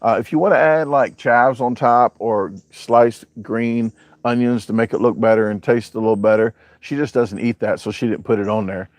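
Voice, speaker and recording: A man's voice: mid-range voice, fairly even intonation, normal speed, darkish tone, no echo. A man, hosting a casual live chat, reading out viewer comments and joking as he rambles. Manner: joking, rambling, with a southern-US way of talking. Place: home, showing a backyard on camera.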